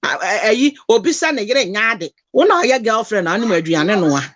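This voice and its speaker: A woman's voice: medium pitch, lively intonation, a little fast, a bit bright, no room sound. A Ghanaian woman talking passionately, mixing Twi and English in an emotional, preachy lecture. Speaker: host.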